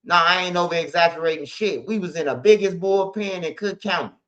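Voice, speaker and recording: A man's voice: high voice, brisk, a bit bright. A man, hosting a street news channel, retelling a story in a loose, slangy, profane, emphatic way. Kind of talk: casual storytelling monologue. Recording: dull lo-fi audio.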